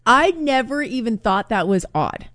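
A woman's voice: a little high, sing-song, normal speed, fairly bright tone, no echo, clean studio sound. A woman hosting a radio show, chatting casually and telling stories with animation.

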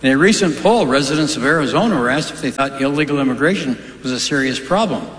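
A man's voice: medium pitch, expressive, quick pace, fairly bright tone. A man doing stand-up comedy in a large hall, delivering dry one-liners and long joke stories. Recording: live stage recording in echoey hall.

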